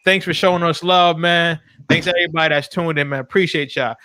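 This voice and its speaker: A man hosts a casual sports podcast, his voice bright and forceful, a little higher than most men's. He keeps the talk loose and slangy. The sound is dry and close, with no room around it. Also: fairly even intonation, fast, dry recording. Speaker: podcast host.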